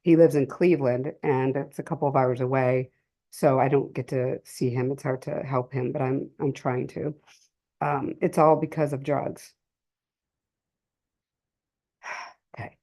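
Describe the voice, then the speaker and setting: Recorded at a community cultural center, a middle-aged woman with a low, mellow, steady voice tells a live audience a family story during a drug-prevention session. Her personal testimony is emotional and halting, broken by pauses and restarts.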